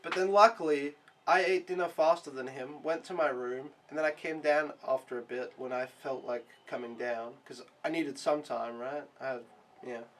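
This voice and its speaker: A man's voice: mid-range voice, fairly even intonation, moderate pace, a bit bright. A young man recapping his week in a casual vlog, rambling and frustrated, swearing often and filling gaps with "like". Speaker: au pair vlogger.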